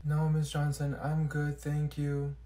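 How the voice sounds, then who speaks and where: Gloomy teen schoolgirl voiced by a man; soft, slow, sullen delivery, comedy sketch. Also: a little high, monotone, lightly acted. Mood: sulky. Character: gloomy, mopey teenage schoolgirl. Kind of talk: comedy skit.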